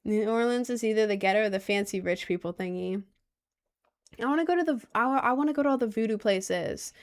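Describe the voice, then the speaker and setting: A woman's voice: on the high side, a little fast. A young woman hosting a casual livestream, answering her chat in a rambling, giggly way and often repeating herself. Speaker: livestream host reading chat.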